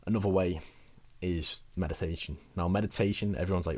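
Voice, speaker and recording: A man's voice: deep voice, fairly even intonation, fairly quick, a little mellow. A young man giving rambling, chatty advice in a casual vlog, laughing at himself now and then. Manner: chatty, rambling, self-mocking with frequent laughs. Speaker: wellbeing vlogger.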